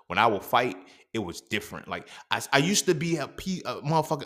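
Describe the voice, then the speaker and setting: A young man hosting a podcast, telling a personal story in a profane, animated, slangy monologue. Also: on the low side, fast talker. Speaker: podcast host.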